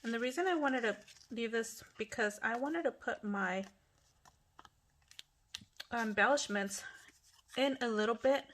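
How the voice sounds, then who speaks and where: A woman's voice: on the high side, unhurried, pauses often, fairly bright tone, a little hiss or hum. A middle-aged woman hosting a casual craft tutorial at home, chatty and apologetic, often restarting her sentences. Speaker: craft channel host.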